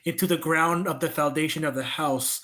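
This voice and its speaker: A young adult man telling a story as a podcast guest, animated and slipping into other people's voices. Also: on the high side, moderate pace. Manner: animated, acts out voices in his stories. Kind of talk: casual storytelling chat.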